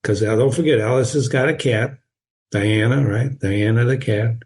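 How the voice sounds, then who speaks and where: A man teaching his way through a classic novel, pausing to explain words and ideas. He is chatty and encouraging, wanders off on tangents and chuckles often. His voice sits at an average pitch. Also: darkish tone.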